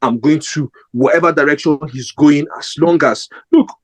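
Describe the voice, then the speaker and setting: A man's voice: fairly high pitch, moderate pace, poor audio. A young man giving his opinion in a casual football fan vlog, rambling and emphatic with lots of fillers and restarts.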